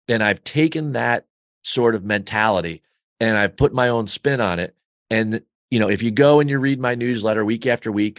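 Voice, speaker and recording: A man's voice: mid-range voice, no echo, studio quality. A man being interviewed as a guest, talking with enthusiasm in a rambling way with many fillers. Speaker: golf betting newsletter founder, guest. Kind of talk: podcast interview.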